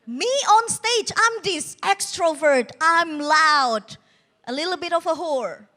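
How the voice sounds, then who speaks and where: A young woman doing stand-up on a TV competition stage, her voice high and swinging widely in pitch. She takes her time over each line. Her delivery is bold and teasing, and she is quick to mock herself. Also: lively intonation, pushed and bright. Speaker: stand-up comedian. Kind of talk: stand-up comedy routine.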